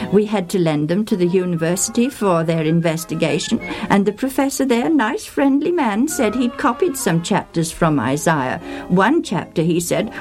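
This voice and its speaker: A woman's voice: medium pitch, a little mellow, natural voice. A woman reading aloud, voicing an indignant elderly male bishop who exclaims and questions in disbelief.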